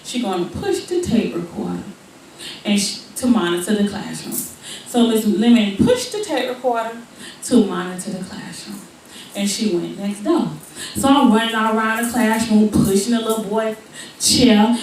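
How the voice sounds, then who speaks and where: A woman's voice: normal speed, a little hiss or hum. A woman comedian telling a story on stage, acting out the people in it. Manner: animated, acts out characters with big pitch jumps. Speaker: stand-up comedian. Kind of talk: stand-up storytelling. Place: live comedy venue. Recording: echoey room, mic far off, faint ambience.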